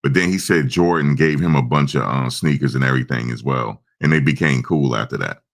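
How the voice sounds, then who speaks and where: A man casually telling stories, acting out voices with sudden high-pitched outbursts in profane, slangy talk. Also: a little fast. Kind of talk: casual storytelling.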